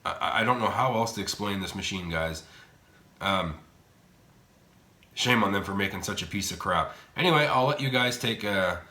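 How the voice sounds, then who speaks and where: A man hosting a slot machine vlog, rambling bluntly and swearing casually as he plays in a casino's high limit room. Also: lively intonation, moderate pace, bright, forceful tone, reverberant. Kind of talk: casual gambling commentary.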